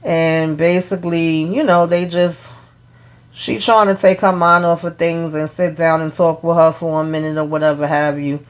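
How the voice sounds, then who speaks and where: A TV recap vlogger casually retells an episode scene by scene, line by line, chatty and full of fillers, forgetting names and laughing at herself. Her voice is deep and steady, at a normal speed.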